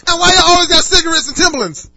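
A man guesting on a casual podcast, ranting loudly and swearing. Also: very high voice, rapid-fire, rough recording. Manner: loud, ranting and profane. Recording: music playing behind.

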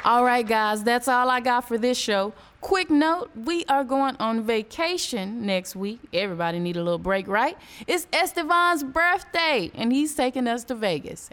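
A woman hosting a show, reading listener jokes and reacting loudly to the punchlines. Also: a little high, very animated, a little slow, clear, resonant tone. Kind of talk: casual joke reading.

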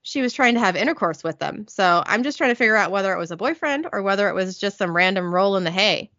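A woman's voice: medium pitch, expressive, fast, fairly bright tone, no room sound. A woman reading out the lines of a brash male investigator in her own voice, dull lo-fi audio. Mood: blunt.

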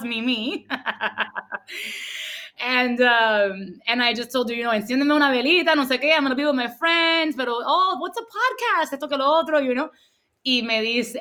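A woman from Cuba hosting a podcast, chatting casually and telling stories in an animated way, slipping into Spanish. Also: medium pitch. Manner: animated storyteller, mixes in Spanish. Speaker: podcast host. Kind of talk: casual chat.

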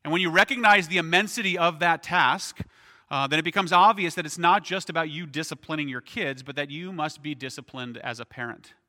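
A man's voice: on the high side, a little fast, sharp tone, long reverb tail. A man preaching a sermon as pastor, in a conversational way, often asking "right?".

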